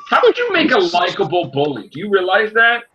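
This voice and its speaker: A man hosting a casual group podcast, ranting animatedly and acting out quotes. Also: lo-fi sound. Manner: animated, ranting, acts out quotes in a high shouty voice. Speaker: podcast host.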